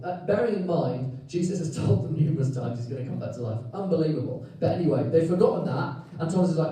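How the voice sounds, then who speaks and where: A man with a Welsh accent preaching a sermon, telling the story lively with jokes and acted-out quotes, recorded in a church hall. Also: fairly high pitch, quick pace, hardly any pauses. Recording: echoey hall, mic at a distance.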